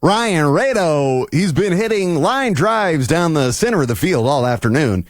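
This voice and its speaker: Big hyped ballpark announcer some guy doing the voice, way up high. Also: very animated, measured pace, no room sound, clean studio sound. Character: booming male baseball stadium announcer.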